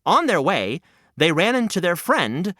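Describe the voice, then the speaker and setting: Playful, lively children's storyteller man. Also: high-pitched, a little slow, dry recording, studio quality. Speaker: storytelling podcast host.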